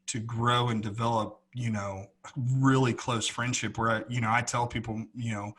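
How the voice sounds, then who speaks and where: Husky-voiced man in earnest podcast chat. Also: mid-range voice, fairly bright tone. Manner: earnest, rambling with many restarts. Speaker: podcast co-host. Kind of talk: casual chat.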